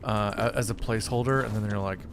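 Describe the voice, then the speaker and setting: A man's voice: lowish voice, fairly even intonation, fast, noisy background. A man streaming a video game, rambling casually and calling listeners dude and bro. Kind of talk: casual gameplay commentary.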